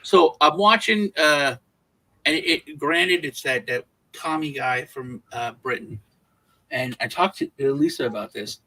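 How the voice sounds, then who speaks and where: A man's voice: on the high side, a little slow, poor audio. An American man co-hosting a casual podcast discussion, telling stories with lots of restarts and repeated words. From United States. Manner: animated storyteller. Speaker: podcast co-host.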